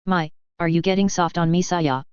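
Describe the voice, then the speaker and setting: A woman voicing a dry-humored young male survivor in a story reading, low and smooth, on dull lo-fi audio. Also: normal speed, dry recording, close to an everyday voice. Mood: wry. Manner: flat, wry, joking.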